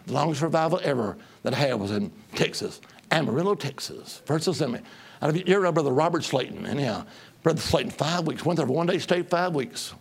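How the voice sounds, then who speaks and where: Gravelly-voiced man preaching a lively sermon. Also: a little high. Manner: lively, call-and-response, swings from loud to hushed. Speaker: traveling preacher. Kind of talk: humorous storytelling sermon.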